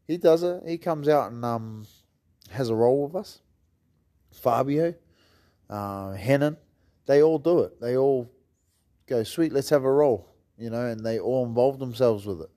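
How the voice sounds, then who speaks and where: A man's voice: medium pitch, measured pace, long pauses, warm tone. A man with a New Zealand accent, a martial arts gym coach telling stories in a casual, rambling way and swearing freely. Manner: swears freely, loose rambling delivery with fillers. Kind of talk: casual storytelling chat.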